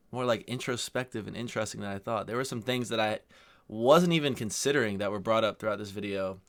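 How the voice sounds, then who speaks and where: American guy rambling about a video, deep-ish voice, lots of vocal fry. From United States. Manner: relaxed, rambling with fillers. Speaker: reaction video host. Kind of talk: casual commentary.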